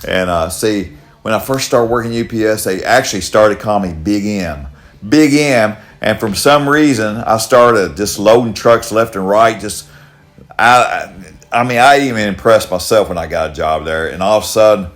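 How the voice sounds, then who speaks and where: An older man with a Kentucky accent and a lowish voice tells long stories in a folksy, rambling way. He repeats himself as he chats casually at home on a podcast. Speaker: podcast host. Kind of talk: casual storytelling chat.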